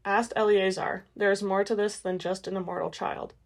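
Urgent female vampire seer, quick and strained; a woman reading the part. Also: medium pitch, little pitch movement, close to an everyday voice. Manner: quick, tense, distracted.

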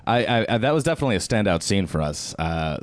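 Low-voiced man asking halting questions. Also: big pitch swings, no echo. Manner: hesitant, filler-heavy questions. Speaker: podcast interviewer. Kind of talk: casual interview questions.

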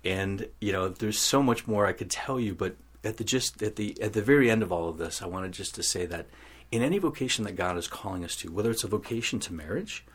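Interview guest, male, deep husky voice, earnest storyteller who acts out dialogue. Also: expressive, a little fast. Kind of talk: telling a personal faith story.

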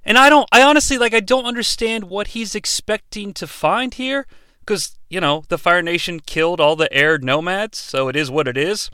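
A man rants sarcastically and profanely as a podcast host reviewing a bad movie. His voice sits high and sounds bright and smooth. It is recorded close on a studio mic in a dry room. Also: normal speed, no room sound.

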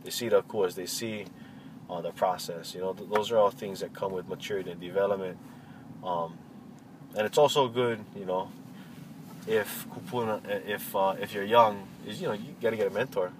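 A man answering interview questions in a relaxed, reflective way, pausing often with fillers and restarts. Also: fairly low pitch. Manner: halting, many fillers and restarts. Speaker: interviewee, cultural practitioner. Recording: faint vehicle noise behind.

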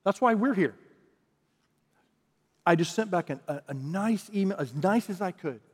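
A man with a fairly high voice preaching to his congregation. He talks like he's chatting, then leans into emphatic repeated lines. His voice rings out with a long reverb from a big church hall. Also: lively intonation, moderate pace, breathy edge. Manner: conversational preaching, builds to emphatic repeated phrases. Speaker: pastor. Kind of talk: sermon.

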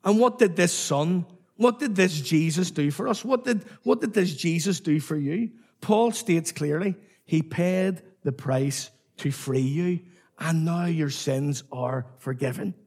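A man's voice: on the high side, a little slow, a little mellow, slightly rough. A man preaching a sermon, emphatic and repetitive, calling on the congregation to respond.

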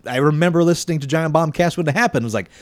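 A man's voice: fairly high pitch, racing, dry recording. A man co-hosting a casual podcast, chatting loosely and reading news items. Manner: chatty, laughs between lines, swears casually.

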